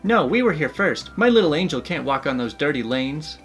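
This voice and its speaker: A man's voice: a little high, sing-song, moderate pace, fairly bright tone, faint music behind, voice pushed up. A man voicing a pushy, entitled middle-aged mother in a whiny, insistent raised voice. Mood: demanding.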